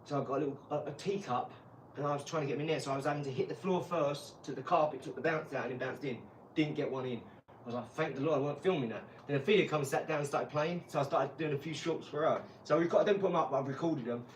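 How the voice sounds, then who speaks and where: A man, hosting a casual live stream and telling lively, laughing stories with some swearing, from an empty garage. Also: a little high, quick pace. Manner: animated storyteller, laughs, swears. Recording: roomy, distant mic, faint noise.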